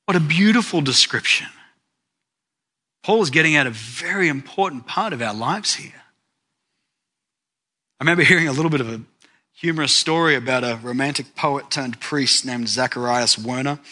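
A man's voice: medium pitch, moderate pace, pauses often, bright, forceful tone. A man preaching a sermon, telling a story with dramatic rises and sudden drops in his voice. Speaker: pastor.

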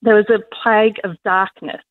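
A woman, sharing an emotional faith testimony and leading a prayer, quick to laugh and to quote herself. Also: medium pitch, fairly even intonation, dry recording. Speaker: guest on Christian radio. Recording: dry phone-line sound.

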